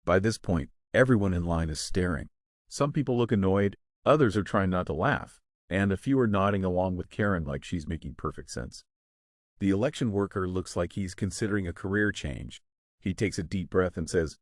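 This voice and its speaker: A man with a fairly low voice tells a first-person story in a casual, wry storytelling manner. The recording is dry and close, with no room sound. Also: normal speed, no room sound. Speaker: story narrator.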